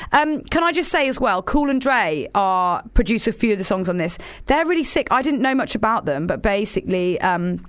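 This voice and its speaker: A woman's voice: medium pitch, no room sound. A woman hosting a radio show, chatting in an enthusiastic, rambling way from the studio. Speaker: radio host. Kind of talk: casual radio chat.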